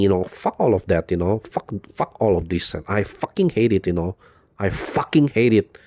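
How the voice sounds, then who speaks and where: A man's voice: lowish voice, animated, brisk, darkish tone, dry recording. A man giving an unscripted video monologue, rambling and profane, repeating "you know" constantly in a bitter tone. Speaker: video blogger.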